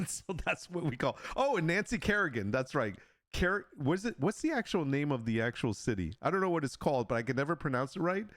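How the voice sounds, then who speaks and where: A man hosting a casual live stream, joking and laughing often and slipping into playful mock sales pitches. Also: big pitch swings, a little fast, a bit bright, dry recording. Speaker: livestream host and digital artist.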